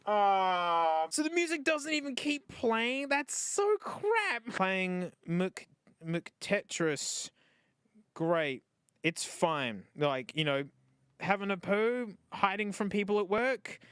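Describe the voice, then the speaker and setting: Excitable Australian man, high lively voice. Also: slow, clean tone, dry recording. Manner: excitable and wry, laughs often. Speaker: streamer reviewing phones. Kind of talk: casual unboxing commentary.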